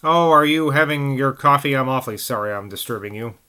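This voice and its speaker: A man's voice: medium pitch, pushed and bright, clean tone, lightly acted. A man playing a polite, hesitant young man. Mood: earnest. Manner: polite, apologetic, halting.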